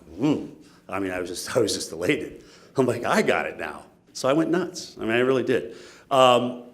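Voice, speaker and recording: A male TV meteorologist telling self-mocking stories in a lively keynote talk. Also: lowish voice. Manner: animated, self-mocking anecdotes.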